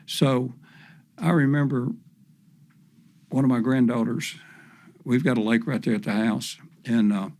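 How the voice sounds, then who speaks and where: A man's voice: medium pitch, fairly even intonation, unhurried, long pauses, darkish tone. An older man, a professional fisherman, telling stories as a podcast guest in a folksy, rambling way full of fillers. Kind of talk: storytelling in casual chat.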